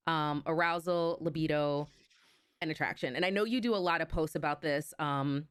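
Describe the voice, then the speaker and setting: A woman hosting a podcast interview, chatty and quick to laugh, with lots of fillers. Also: deep voice, clean tone, no room sound, clean studio sound. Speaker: podcast host. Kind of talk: casual interview chat.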